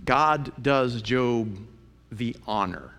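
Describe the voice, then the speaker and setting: A man's voice: medium pitch, extremely slow, a bit bright. A man teaching a sermon on a Bible book, emphatic and conversational, repeating phrases for effect as he retells the story. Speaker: preacher. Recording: long reverb of a large hall.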